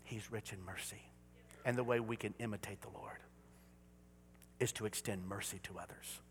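Pastor preaching in an echoing church. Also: male voice, fairly low pitch, steady tone, normal speed, slight background noise. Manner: swings from hushed whispers to loud exclaiming. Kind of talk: sermon. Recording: reverberant church hall.

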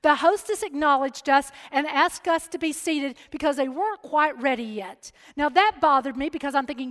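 A woman's voice: high-pitched, moderate pace, hardly any pauses, a bit bright, long reverb tail. A woman giving a sermon, moving from storytelling into emphatic preaching. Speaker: speaker at a church or chapel.

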